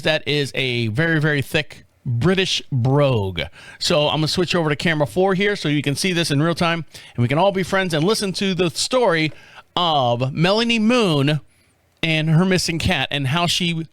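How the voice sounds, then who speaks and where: A man's voice: a little high, fairly bright tone, no echo. A man hosting a casual radio podcast from a studio, telling rambling stories and chuckling often. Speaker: podcast host.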